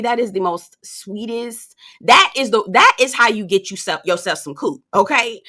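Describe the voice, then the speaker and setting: A woman reviewing a reality show in a casual, animated, gossipy way, talking straight to her viewers. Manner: animated and gossipy, acting out quoted people in a high voice.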